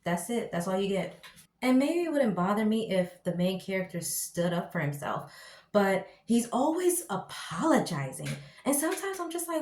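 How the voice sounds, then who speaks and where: A woman rants about a TV show in loose, slangy, exasperated commentary. Her voice sits at an ordinary pitch for a woman. The sound carries a noticeable room echo. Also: normal speed, a little hiss or hum. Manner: exasperated, slangy, animated ranting. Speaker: show reviewer. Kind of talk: casual opinion commentary. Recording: echoey room.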